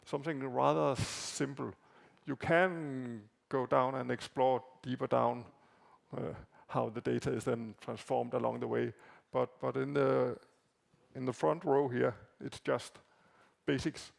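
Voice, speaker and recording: Man, native Danish speaker, conference presenter, very gravelly voice, halting with fillers. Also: mid-range voice, steady tone. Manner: halting, with frequent fillers and repeated words. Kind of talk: conference talk walking through slides. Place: conference hall.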